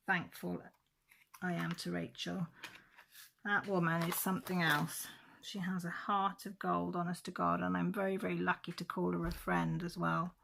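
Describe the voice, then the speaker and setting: A woman's voice: on the low side, gravelly, fairly bright tone, a little hiss or hum. A middle-aged woman chatting casually on her vlog, telling a story in a rambling, emotional way with many restarts. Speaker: diamond painting vlogger. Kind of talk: casual chat.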